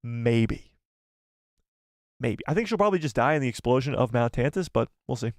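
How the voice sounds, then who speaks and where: A man's voice: medium pitch, expressive, normal speed, a little mellow, dry recording, studio quality. A man hosting a casual live stream, reading viewer comments aloud and reacting in a jokey, chatty way.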